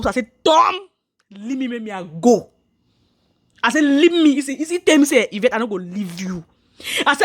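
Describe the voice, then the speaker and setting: A woman's voice: high voice, fairly bright tone. A woman, telling viewers her own story earnestly, repeating herself and restarting lines. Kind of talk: personal story told to viewers.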